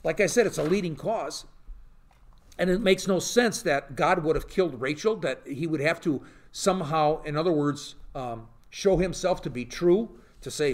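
A man's voice: a little high, moderate pace. A man, a pastor, teaching an informal Bible study to a live group, often asking rhetorical questions. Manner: animated, peppers talk with rhetorical questions and "okay?".

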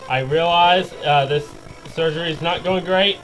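A man giving jokey let's play commentary, excitable and yelping and laughing as things go wrong. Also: on the high side, moderate pace, soft background music, rough recording. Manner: excitable, yelps and laughs at mishaps. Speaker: gaming video creator.

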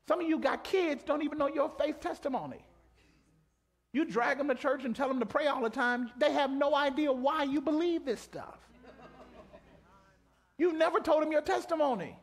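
High-voiced animated preacher. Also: male voice, normal speed. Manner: animated, conversational, calls out to the congregation. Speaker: pastor. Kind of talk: live sermon. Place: church auditorium.

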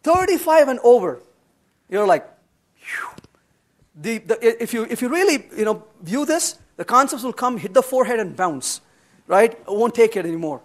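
A high-voiced, middle-aged man gives a conference room workshop lecture at normal speed and takes questions from the audience, with slight background noise in the recording. Emphatic and animated, he answers bluntly with a humorous streak and plays out quoted dialogue in shifting voices.

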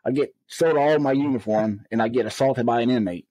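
A man in an interview telling stories from his work as a correctional officer, casual and animated, acting out what people said. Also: mid-range voice, fast, dry recording, poor audio. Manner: animated, acts out quoted dialogue in raised voices. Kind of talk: conversational storytelling.

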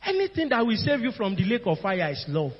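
A man's voice: high-pitched, wildly swooping pitch, brisk, slightly rough. A man preaching a sermon in a Nigerian accent, earnest, pleading and urgent. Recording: dull, echoey hall with soft music behind.

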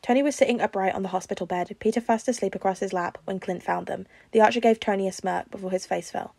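A woman reading a fan fiction story aloud in an even storytelling manner. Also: medium pitch, fast, gravelly, few pauses, breathy edge, dry recording. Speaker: podfic reader.

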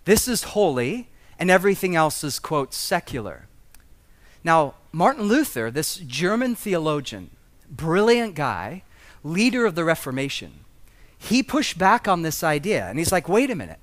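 A man's voice: on the high side, sing-song, moderate pace, a bit bright. A man preaching a conversational sermon as pastor, with humorous asides and rising emphasis.

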